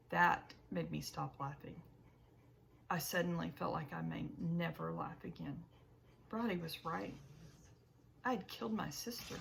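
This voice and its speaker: A woman narrating an audiobook in the first person, with a measured reading and small self-corrections. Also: fairly low pitch, gravelly, fairly bright tone, a little hiss or hum, low-quality recording.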